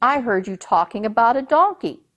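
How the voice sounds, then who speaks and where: A woman's voice: on the high side, lively intonation, normal speed, lo-fi sound. A woman doing brusque, bossy soldiers and captain. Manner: loud, brusque, commanding.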